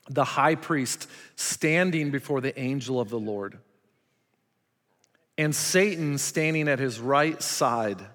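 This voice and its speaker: A man's voice: on the high side, fairly bright tone. A man preaching a sermon with emphasis, putting rhetorical questions to his congregation. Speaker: pastor. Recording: long reverb of a large hall.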